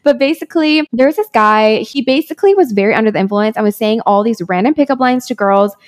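A woman's voice: a little high, fast. A young woman co-hosting a podcast, telling stories in casual chat with lots of "like" and easy laughter. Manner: animated storyteller, lots of "like" and laughing. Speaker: podcast co-host.

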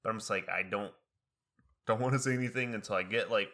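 Bright-voiced young man rambling casually. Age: young adult. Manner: rambling, jumps into high-pitched impressions of others; quick, many fillers and restarts. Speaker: college student, co-host. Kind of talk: casual chat.

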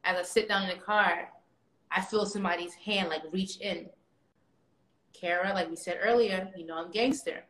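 A woman telling stories on a casual livestream, animated and slangy. Her voice is bright and forceful, and the room around her sounds echoey. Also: mid-range voice, moderate pace, a little hiss or hum. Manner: animated storyteller, slangy and swearing. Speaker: livestream guest.

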